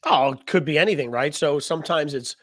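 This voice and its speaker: A man's voice: fairly high pitch, brisk, a bit bright, no echo, studio quality. A man co-hosting a casual talk show, teasing and wisecracking with his partner. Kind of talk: casual podcast banter.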